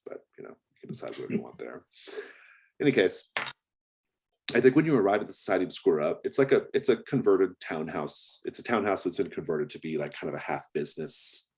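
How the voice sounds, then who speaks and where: A man with a very low, husky voice runs a tabletop game as game master. He rambles, hesitates, and fills gaps with ums. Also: a little mellow. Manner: rambling, hesitant, many fillers.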